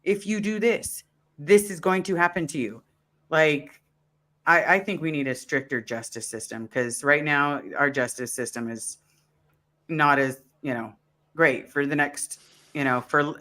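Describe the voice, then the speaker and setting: This man's voice sits a little high, with a sharp tone and a measured pace. On a live stream, in casual conversation, he earnestly tells a story and acts out his own thoughts as asides.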